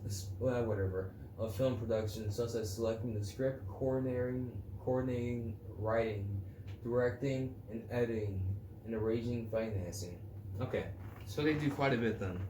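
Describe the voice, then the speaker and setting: A man hosting a casual solo podcast, rambling and crude, joking and reading definitions aloud. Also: fairly low pitch. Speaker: podcast host. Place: home room, early morning. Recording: echoey room with faint ambient noise.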